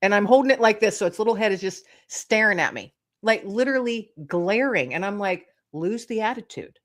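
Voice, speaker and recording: A middle-aged woman, a guest author, telling lively anecdotes in casual chat, acting out little voices and laughing often. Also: mid-range voice, a little fast. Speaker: guest, author and podcast host.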